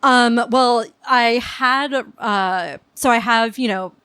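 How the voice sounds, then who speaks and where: A woman's voice: on the high side, slow pace, sharp tone, clean tone, no room sound. A woman guest in a casual podcast interview, talking frankly, swearing and laughing often. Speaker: guest, dominatrix.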